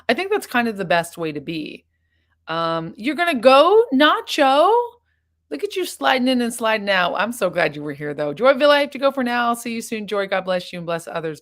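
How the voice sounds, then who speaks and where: A woman's voice: on the low side, fairly bright tone. A woman hosting a casual livestream, chatting to viewers and reading their comments aloud. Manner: chatty, restarts, reads chat aloud. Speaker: livestream host.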